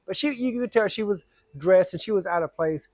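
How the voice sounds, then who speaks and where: High-voiced man telling a story. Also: a little fast, a little mellow, no echo. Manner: rambling, drawling Southern storyteller, acts out voices. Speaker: storyteller vlogger. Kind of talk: casual storytelling.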